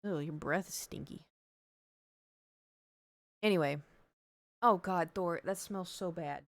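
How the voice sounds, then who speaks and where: A woman's voice: lowish voice, slow pace, no echo. A woman streamer telling a story in casual chat, rambling with lots of fillers.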